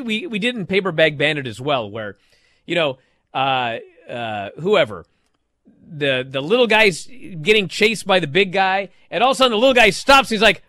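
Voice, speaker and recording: Man, podcast co-host, high bright voice, dry close sound, animated storytelling. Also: no echo. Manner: animated, acts out moves with shouted yells. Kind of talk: excited wrestling podcast chat. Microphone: studio microphone, close.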